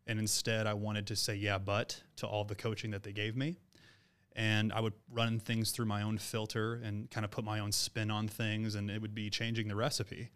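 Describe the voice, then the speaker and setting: A man's voice: fairly low pitch, monotone, moderate pace, fairly bright tone, clean tone. A man who owns a business, speaking as an interview guest and giving blunt, earnest advice about learning and work. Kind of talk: reflective interview talk.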